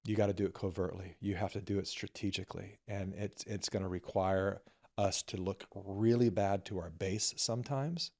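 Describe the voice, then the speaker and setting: Guest filmmaker, male, low and gravelly, candid storyteller. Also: fairly even intonation, normal speed. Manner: candid, quoting others in softer voices. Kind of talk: storytelling conversation.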